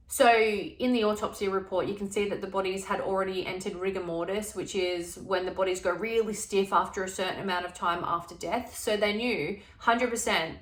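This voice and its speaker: A woman's voice: mid-range voice, fairly even intonation, normal speed, hardly any pauses. A woman telling a true crime case in a casual, conversational way. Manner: chatty, retells exchanges in plain conversational speech. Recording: echoey room.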